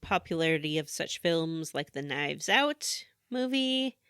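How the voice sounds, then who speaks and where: Female podcast co-host, deadpan teasing trivia reader, dry close mic. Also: sits low, unhurried, smooth, no room sound. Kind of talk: casual podcast chat.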